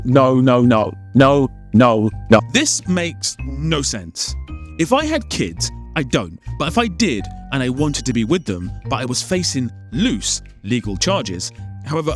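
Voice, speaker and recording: A man narrating a comedic film critique, firing off exasperated, incredulous questions. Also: mid-range voice. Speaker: film commentator.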